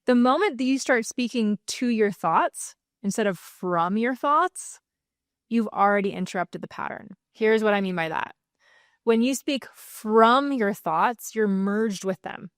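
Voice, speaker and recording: Woman sleep coach, soothing and gently firm, slightly high voice, dry close sound. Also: expressive, a little slow, no room sound. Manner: soothing, gently firm, laughs lightly between points. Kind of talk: calm self-help teaching to camera.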